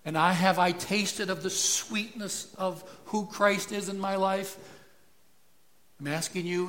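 Slow-speaking earnest male preacher. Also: sits high, fairly bright tone. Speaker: pastor. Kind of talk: expository sermon.

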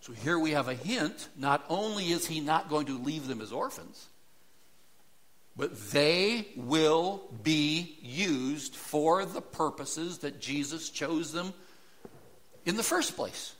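A man's voice: fairly high pitch, animated, measured pace, a bit bright. A man preaching a sermon, emphatic and full of rhetorical questions.

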